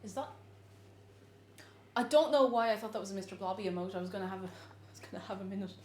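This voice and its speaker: She's a fast talker with an Irish accent, heard over slight background noise on a desk microphone. Chatting playfully during a casual live stream, she teaches an Irish word of the day and keeps bursting into high, excited greetings to her chat.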